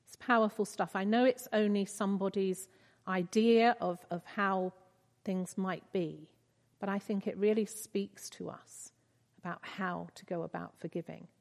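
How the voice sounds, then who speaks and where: A woman giving a devotional talk, reading a passage aloud in an earnest, measured way. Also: mid-range voice, steady tone, gravelly. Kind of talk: sermon with read-aloud book passage. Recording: reverberant hall.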